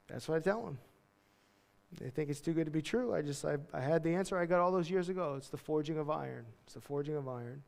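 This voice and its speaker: Animated high-voiced pastor in a reverberant hall. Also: male voice, fast talker. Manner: animated storytelling, acts out Bible characters in casual voices. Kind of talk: sermon. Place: church sanctuary. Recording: long church reverb.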